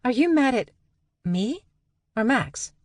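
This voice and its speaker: A woman voicing a spacey, blunt young woman genius in an audiobook, speaking in a bright, matter-of-fact and guileless way. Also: a little high, sing-song, slow pace, dry recording, clean studio sound, voice pushed up. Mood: innocent.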